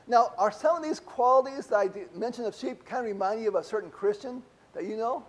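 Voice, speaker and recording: A man's voice: very high-pitched, fast talker. A middle-aged man preaching a conversational sermon to a congregation, asking rhetorical questions as he talks. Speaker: pastor.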